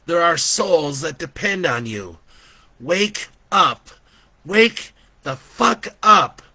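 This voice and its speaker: A man voicing an urgent, ghostly little boy who speaks with slow, solemn insistence. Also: medium pitch, animated, sharp tone, no room sound, pitched above the performer's own voice, full character voice. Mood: impatient. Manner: pleading, commanding, slow and emphatic.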